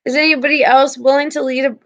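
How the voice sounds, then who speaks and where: A woman's voice: sits high, a bit bright, muffled recording. A young woman teaching a class over a video call, chatty and casual, full of fillers and restarts.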